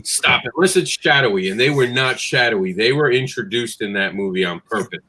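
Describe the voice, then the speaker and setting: A man's voice: medium pitch, animated, brisk, sharp tone, husky, rough recording. A man in casual conversation, an enthusiastic comics fan who argues playfully. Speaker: podcast co-host. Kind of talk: casual discussion.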